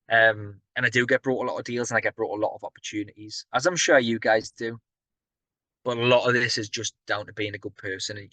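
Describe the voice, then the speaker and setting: A man giving an energetic, conversational business talk, often turning to the audience with questions. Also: lowish voice, no room sound. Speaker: property business speaker.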